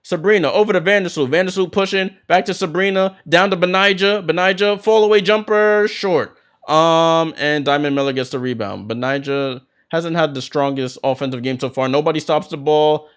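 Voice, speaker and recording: Excitable man calling a basketball watchalong. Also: on the high side, moderate pace, clear, resonant tone. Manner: excited fan calling plays, bursts of hype. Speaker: watchalong host doing play-by-play. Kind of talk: fan play-by-play commentary.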